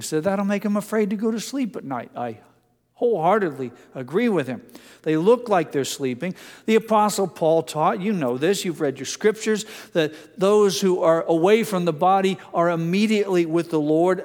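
Man preaching in a reverberant hall. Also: fairly high pitch. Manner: conversational preaching, homely anecdotes, drops to soft, hushed emphasis. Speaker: pastor. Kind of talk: sermon.

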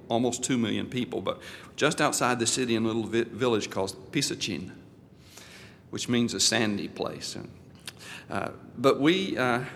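A man's voice: mid-range voice, vocal fry, a bit bright, in a large hall, a little hiss or hum. A male pastor and missionary telling a folksy, anecdotal story in a sermon, with frequent restarts.

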